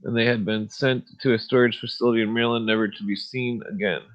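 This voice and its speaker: A man's voice: fairly low pitch, steady tone, fast, a bit bright, highs cut off. A man hosting a podcast in a laid-back, rambling way, chuckling and trailing off with fillers, then reading aloud from a book. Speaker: podcast host.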